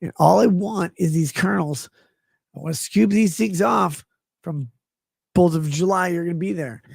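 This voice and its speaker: A male streamer rambles through chat messages with profane, offhand jokes. His voice is gravelly and husky. It sits a little high and sounds dry and close to the mic. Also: moderate pace, a little mellow, no echo. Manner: reads chat messages aloud. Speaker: livestream host reading chat.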